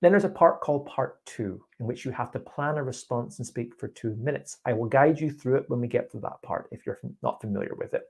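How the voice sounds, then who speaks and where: With vocal fry, a breathy edge, and a darkish tone, this man's mid-range voice moves a little fast and rarely pauses. A native English speaker, he's running a live online IELTS speaking lesson, giving a student encouraging advice via video call.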